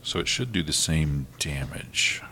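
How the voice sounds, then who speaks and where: A man acting as game master, narrating a tabletop role-playing game in a relaxed way and laughing often. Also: a bass voice, unhurried, slight background noise.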